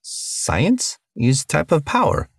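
A man's voice: fairly high pitch, huge pitch swings, slow, slightly rough, no room sound, clean studio sound, pitched above the performer's own voice, heavily acted. A man voicing a big earnest blue alien. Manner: broken, simple grammar.

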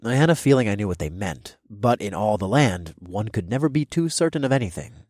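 Deep husky male audiobook narrator. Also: animated, brisk, a little mellow, no room sound, studio quality. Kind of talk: first-person fantasy audiobook narration.

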